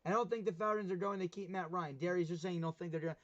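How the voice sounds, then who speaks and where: A man's voice: high voice, steady tone, rapid-fire, fairly bright tone. Chatty young man on a dull stream mic. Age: young adult. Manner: chatty, rambling, laughs at himself. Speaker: livestream host. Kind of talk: casual sports talk livestream.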